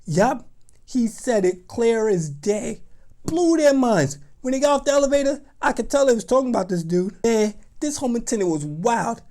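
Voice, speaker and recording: A young adult woman telling a storytime vlog in an animated, slangy, dramatic way. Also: fairly high pitch, normal speed. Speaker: vlogger.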